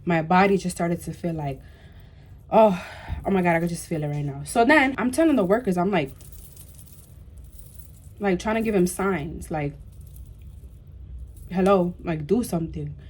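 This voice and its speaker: A young woman vlogger telling a storytime tale in an animated way, full of "like" and "bro" and emphatic repeats. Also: fairly low pitch, normal speed, pauses often. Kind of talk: storytime vlog.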